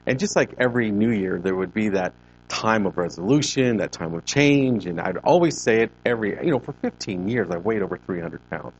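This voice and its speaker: A man in his fifties with a lowish voice tells a group in a gym a personal testimony. He chats easily and slips into the voices of people he quotes. The recording sounds dull and lo-fi. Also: a little mellow. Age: 50s. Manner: conversational storytelling, acting out quoted exchanges. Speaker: ministry leader giving a talk. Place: CrossFit gym.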